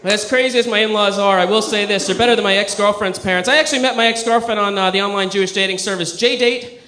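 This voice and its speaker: A male stand-up comedian works a club crowd in a high, bright voice. His delivery is conversational and self-deprecating, with deadpan asides, heard through a handheld mic in an echoey room. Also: quick pace, a little hiss or hum. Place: comedy club stage with a live audience.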